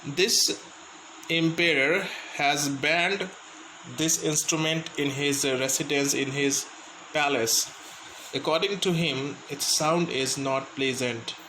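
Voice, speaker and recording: A male Indian teacher talks through a class lesson at a very unhurried pace, pausing to define words and repeat points. His voice sits a little high for a man. He is recorded in an echoey room with a faint hum of ambience behind him. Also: fairly even intonation, pushed and bright. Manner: slow, explanatory, repeats and glosses words. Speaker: school teacher. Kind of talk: English lesson for students.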